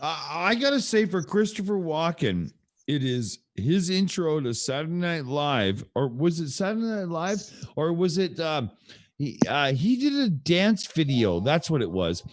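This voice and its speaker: A raucous man from Canada riffs slowly, his pitch leaping all over as he laughs. He trades crude jokes in a casual chat. The recording is close and dry. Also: big pitch swings, dry recording. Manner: boisterous, laughing, crude banter. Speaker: podcast panelist.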